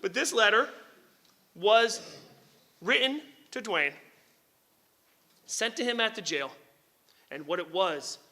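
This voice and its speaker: Middle-aged male lawyer from New Jersey for a lecture, high voice with a very bright, tense edge, candid and animated, drops casual swears. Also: takes it slowly, pauses often. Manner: animated, candid, swears casually, chuckles at his own remarks. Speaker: lawyer and author giving a book talk. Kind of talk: public lecture storytelling.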